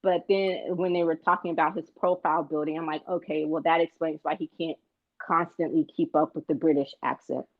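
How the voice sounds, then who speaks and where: A woman's voice: deep voice, steady tone, a little fast, dry recording, phone-quality sound. A woman co-hosting a movie podcast, chatting casually and tripping over her words now and then. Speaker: podcast co-host. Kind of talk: casual chat.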